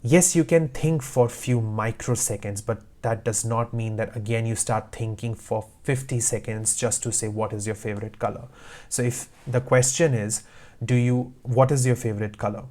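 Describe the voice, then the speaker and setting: A man's voice: medium pitch, steady tone, moderate pace, mellow. A man teaching IELTS speaking tips, giving direct, emphatic advice in short repeated commands. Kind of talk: instructional talk to camera.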